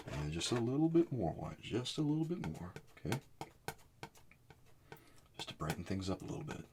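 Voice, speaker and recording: A man giving a soft-spoken oil painting lesson, muttering asides as he works. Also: on the low side, noisy background. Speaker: art teacher.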